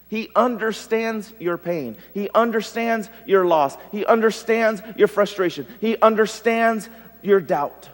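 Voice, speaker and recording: A male pastor preaching a sermon, swinging from loud emphasis to hushed tones. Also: high voice. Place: church sanctuary. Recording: long reverb of a church hall.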